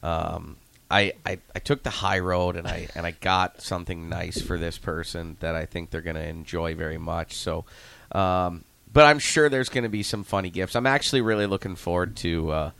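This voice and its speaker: Gravelly low-voiced male coach. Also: fairly even intonation, normal speed, a bit bright, dry recording. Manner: easygoing storyteller who acts out quotes. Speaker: hockey coach. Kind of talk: casual radio chat.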